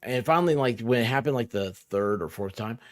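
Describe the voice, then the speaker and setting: A woman lawyer joining as a guest, talking in quick animated bursts and poking fun at herself. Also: rumbling low, no echo, clean studio sound. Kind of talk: casual chat.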